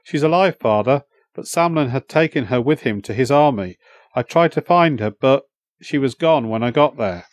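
A man's voice: mid-range voice, normal speed, no room sound, lightly acted. A man voicing an earnest, determined young soldier speaking to his father, in a dry recording. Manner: earnest, steady pleading.

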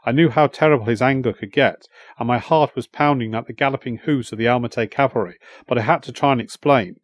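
A man narrates a first-person story in a measured, even storytelling voice of middle pitch. The recording is dry and close, with no room sound. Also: no echo. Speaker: audiobook narrator.

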